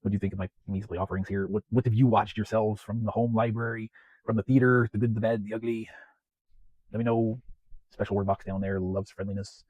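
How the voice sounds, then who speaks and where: A man hosting his weekly home-media vlog in a chatty, self-deprecating way, often clearing his throat. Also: fairly low pitch, little pitch movement, brisk, dry recording, highs cut off. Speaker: home media collector vlogger. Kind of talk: casual rambling vlog. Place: home, West Coast of the US.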